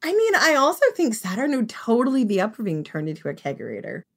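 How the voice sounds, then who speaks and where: A woman co-hosts a casual history podcast. Her voice moves a lot in pitch as she talks. She drops in dry, joking asides. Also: huge pitch swings, fast talker. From United Kingdom. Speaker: podcast co-host.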